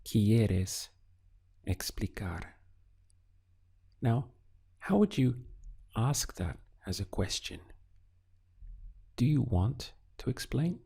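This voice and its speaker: Slow, gravelly-voiced male language teacher. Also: mid-range voice, big pitch swings, warm tone. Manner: slow, deliberate prompts with pauses for answers. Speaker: Spanish teacher. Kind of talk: recorded language lesson.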